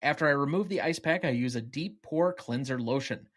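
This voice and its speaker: A man on a podcast reading film quotes as a vain, cold male yuppie killer in a plain, even way. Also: mid-range voice, brisk, natural voice. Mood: smug.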